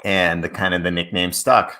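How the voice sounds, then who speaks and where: Animated storytelling man from Massachusetts. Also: deep voice, moderate pace. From Massachusetts, USA. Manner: animated storyteller, acts out quoted voices. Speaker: author and guest. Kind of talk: casual interview chat.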